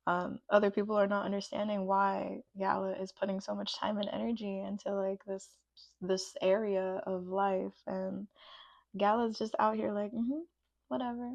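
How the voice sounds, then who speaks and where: Gravelly, gushing woman doing a tarot reading. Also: mid-range voice, flat delivery, normal speed, darkish tone, no echo. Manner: gushing and emotional, many "like" fillers. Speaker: tarot reader. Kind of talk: pick-a-card tarot reading.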